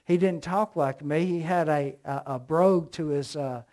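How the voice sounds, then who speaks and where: High-voiced Southern preacher. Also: male voice, moderate pace, a little mellow. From American South. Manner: emphatic, storytelling preacher with rising emphasis. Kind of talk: sermon.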